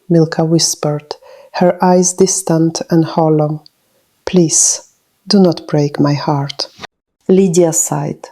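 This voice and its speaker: A woman reading a haunting story as narrator in a solemn, measured way. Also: fairly low pitch, dark tone. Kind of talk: scripted narration.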